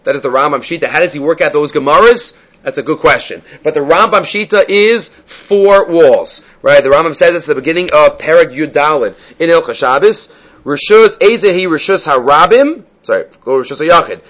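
A man's voice: a little high, lively intonation, normal speed, a bit bright, dull audio. A man teaching a Talmud class, reading passages aloud and explaining them step by step, often asking questions and answering them himself.

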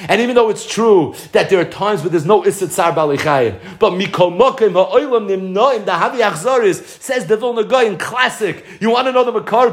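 Man, high voice, lively Talmud lesson. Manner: animated, mixes Hebrew and Yiddish terms into English. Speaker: Torah teacher. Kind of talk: Talmud lecture.

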